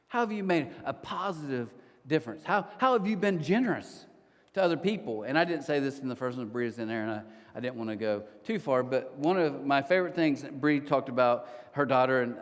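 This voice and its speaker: Animated male pastor in a reverberant hall. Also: a little high. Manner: conversational, animated storytelling with quick restarts. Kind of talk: sermon. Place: church auditorium.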